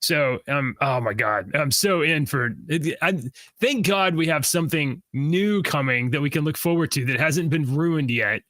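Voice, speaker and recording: A man co-hosting a podcast, chatting casually in an excitable, rambling way. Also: on the high side, moderate pace, no room sound. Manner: excitable, rambling, laughs loudly. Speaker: podcast co-host. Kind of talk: casual chat.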